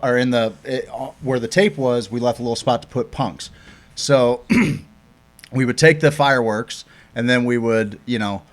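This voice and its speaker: A podcast co-host tells a long-winded story in a mid-range voice. He stalls on fillers and restarts, and drops casual swearing along the way. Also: medium pitch. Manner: rambling, halting with fillers, profane.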